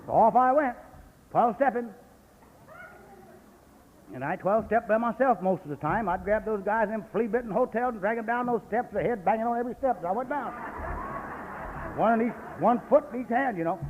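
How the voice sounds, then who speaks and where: A man's voice: high voice, normal speed, long pauses, a little hiss or hum. A man from San Jose giving a blunt, folksy recovery talk at a convention, full of profanity and stories. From San Jose, California. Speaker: AA speaker. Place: convention hall. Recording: echoey hall on lo-fi 1980s cassette.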